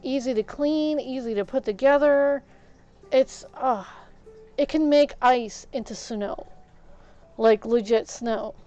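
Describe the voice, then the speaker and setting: A woman's voice: high voice, slow pace, warm tone, dull audio, faint music behind. A woman streamer venting in a casual rant, indignant and full of fillers and restarts.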